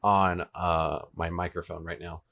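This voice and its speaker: A man's voice: low voice, little pitch movement, unhurried, sharp tone. A young man in his twenties talking casually on a livestream, chatty and laid-back, answering viewers' chat as he works. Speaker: livestreamer coding a game server. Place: home room with an air conditioner running. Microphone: desk microphone, switching between two.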